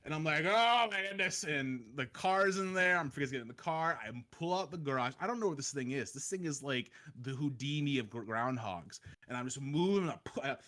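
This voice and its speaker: A man in his thirties telling a story in casual podcast chat, animated and acting out the voices in it. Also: medium pitch, brisk, few pauses. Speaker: podcast guest.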